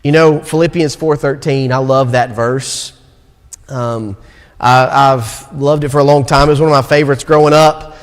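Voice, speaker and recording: A young man with a Southern American accent preaching a sermon in a church sanctuary, moving between quick asides and slow, stressed phrases. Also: mid-range voice, steady tone. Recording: long reverb of a church hall.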